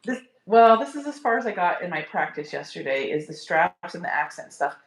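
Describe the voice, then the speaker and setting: A woman chatting while she sews, explaining her steps with excited giggles. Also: fairly low pitch, a little fast, gravelly, roomy sound. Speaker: guest sewing along.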